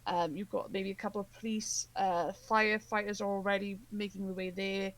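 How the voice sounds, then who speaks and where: A woman's voice: medium pitch, little pitch movement, brisk, low-quality recording. Woman game master, chatty, loose narration full of "um" and "sort of". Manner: rambling, filler-heavy narration. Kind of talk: narrating a tabletop horror game.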